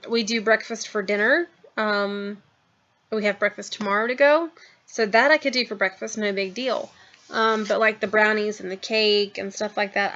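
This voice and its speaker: A woman's voice: medium pitch, a bit bright, muffled recording. Rambling woman vlogging from home. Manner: rambling, many ums and trailing asides. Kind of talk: casual chat to camera. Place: at home, in a house.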